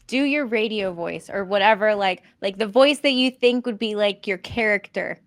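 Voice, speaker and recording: A woman's voice: medium pitch, moderate pace, dry recording, studio quality. A woman hosting a podcast, eagerly prompting her guest and laughing easily. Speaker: podcast host. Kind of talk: casual podcast chat.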